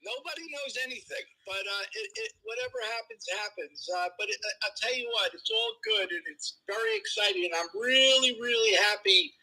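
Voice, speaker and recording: A man calling into a live stream over a video call from a restaurant, telling stories in an excitable, stumbling way and laughing as he talks. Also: extremely high pitch, brisk, hardly any pauses, low-quality recording. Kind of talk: casual chat.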